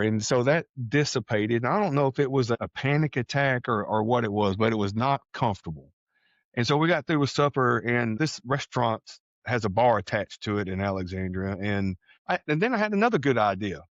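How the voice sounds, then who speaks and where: A man from Texas telling a personal story on a podcast, animated, acting out the voices of people he quotes. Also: mid-range voice, brisk, no room sound, dull audio. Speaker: podcast guest. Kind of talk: casual storytelling.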